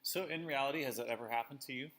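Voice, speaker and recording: A man's voice: mid-range voice, very fast, a bit bright. A man co-hosting a casual talk show, rambling and self-deprecating with lots of fillers. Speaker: podcast co-host. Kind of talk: casual chat.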